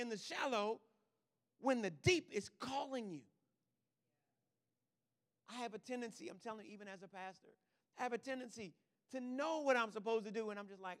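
Man preaching a sermon, bright tense voice, checks in with the crowd, gets loud and emphatic. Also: very high voice, normal speed, long pauses, in a large hall. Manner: emphatic preaching that swings from quiet asides to loud declarations; checks in with the congregation. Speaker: pastor.

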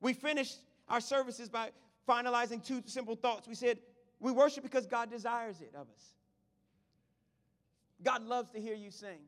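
A man preaching a lively sermon to his congregation, swinging from shouts to quiet asides. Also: very high-pitched, normal speed, long pauses. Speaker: pastor. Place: church sanctuary. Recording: long hall reverb.

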